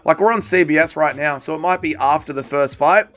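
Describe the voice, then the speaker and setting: A man's voice: on the high side, fairly quick, fairly bright tone. A man hosting a livestream watch party, chatting casually and joking as he reads viewer comments aloud and answers them. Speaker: livestream host.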